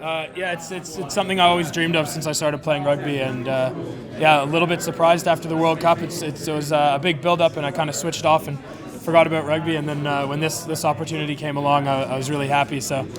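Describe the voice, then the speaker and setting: A Canadian man, a rugby player, answering interview questions in a relaxed, modest way. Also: on the high side, fast talker. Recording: outdoors with loud crowd behind.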